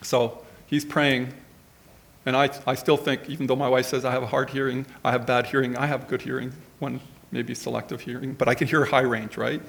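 A man's voice: mid-range voice, level tone, fairly quick, creaky, fairly bright tone. A middle-aged man telling a rambling, conversational story as part of a sermon. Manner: rambling, conversational anecdote with many asides.

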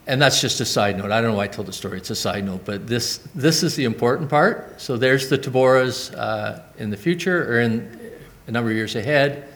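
A man's voice: medium pitch, fairly bright tone. A man in his forties, a church member, telling a personal mission-trip testimony in earnest, rambling anecdotes with asides.

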